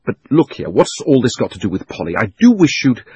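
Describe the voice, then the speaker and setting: A man voicing a bold young boy in a storybook, urgent and earnest, his voice pushed up high and lively. A husky grain stays under it. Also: fairly quick, exaggerated voice. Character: brave, hot-headed young boy. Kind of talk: audiobook reading.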